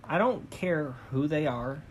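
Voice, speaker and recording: A woman's voice: sits low, expressive, a little slow, breathy edge. A young woman in casual chat, blunt and dryly teasing.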